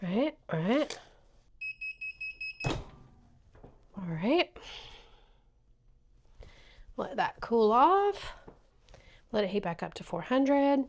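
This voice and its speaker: A woman talking casually through a craft project in a how-to vlog, narrating each step and getting excited. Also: fairly high pitch, drawn-out words, long pauses, slight background noise. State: tearful and emotional. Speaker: craft vlogger.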